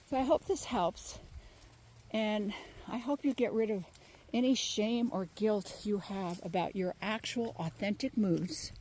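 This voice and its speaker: Emphatic healer lady talking on a walk outside, mellow tone, a bit of outdoor noise. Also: mid-range voice, a little slow. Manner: emphatic, animated, mimics others in quoted voices. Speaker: spiritual healer giving advice. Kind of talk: casual spoken advice monologue. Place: outdoors on a walk with her dog.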